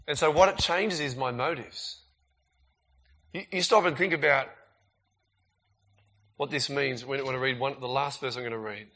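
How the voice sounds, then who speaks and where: A man preaching a sermon in a casual, emphatic way, swinging between loud bursts and quiet asides. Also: medium pitch, moderate pace, pauses often.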